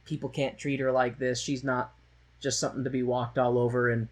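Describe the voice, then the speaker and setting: A man's voice: medium pitch, little pitch movement, fairly quick. A man co-hosting a podcast, recapping a musical in rambling, jokey casual chat with the odd mocking put-on voice. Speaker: podcast co-host.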